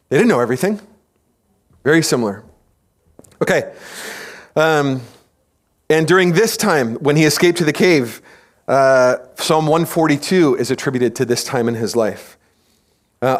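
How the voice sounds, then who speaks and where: Man, pastor, church sermon, lively storytelling, fairly high voice, questions for the listeners. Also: moderate pace, pauses often. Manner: animated storytelling, acting out quoted voices; asks the congregation questions. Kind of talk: teaching sermon.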